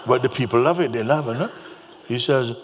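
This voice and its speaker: A man giving a spiritual talk to an audience, telling stories gently and repeating his phrases, with soft laughs. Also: medium pitch. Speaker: spiritual teacher. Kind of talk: spoken teaching to an audience. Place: large hall. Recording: long hall reverb, faint hum.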